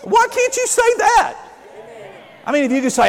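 A man preaching a sermon, animated, acting out quotes and rising to shouts. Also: very high-pitched, normal speed, long pauses, a faint crowd. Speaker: pastor. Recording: long hall reverb.

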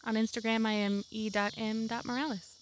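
Woman co-host, quick casual chat, outdoors with faint noise. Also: a little high, level tone. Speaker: podcast co-host. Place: outdoor back deck at night.

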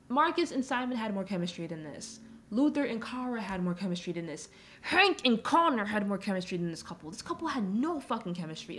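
A young adult woman hosting a podcast, ranting casually about a video game, swearing freely and filling her talk with "like". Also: mid-range voice. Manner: animated, swears freely, frequent "like" fillers. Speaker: podcast host.

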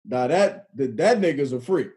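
A woman's voice: very deep voice, expressive, normal speed, mellow. A woman on a podcast, chatting casually with laid-back, laughing reactions. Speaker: podcast co-host. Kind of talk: casual chat.

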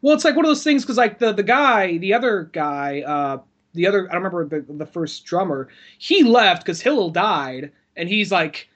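A man with a notably high speaking voice chats casually on a podcast. He rambles, restarts his sentences and swears freely as he goes. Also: lively intonation, moderate pace, fairly bright tone. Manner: rambling, profane, frequent restarts and laughter. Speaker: podcast co-host or guest. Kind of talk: casual chat.

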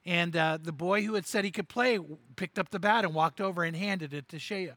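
A man's voice: high-pitched, fairly quick, fairly bright tone, dry recording. A man preaching a sermon and telling a story, acting out the characters' lines with animation and repeating words as he goes.

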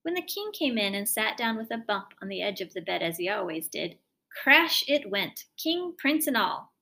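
A woman reading a fairy tale aloud in an expressive, lively storytelling manner. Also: mid-range voice, moderate pace, gravelly.

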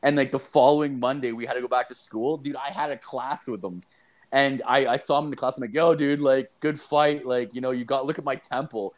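A young man talks casually with a friend, telling a story in a rambling, profane way. He leans on fillers and swears often, keeping it animated and unpolished. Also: mid-range voice, fairly quick. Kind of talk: casual chat.

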